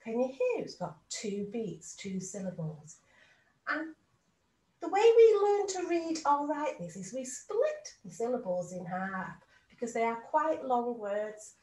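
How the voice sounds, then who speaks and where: Slow sing-song woman teaching phonics. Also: on the high side, sing-song, warm tone, echoey room, poor audio. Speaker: reception class teacher. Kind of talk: phonics lesson for young children.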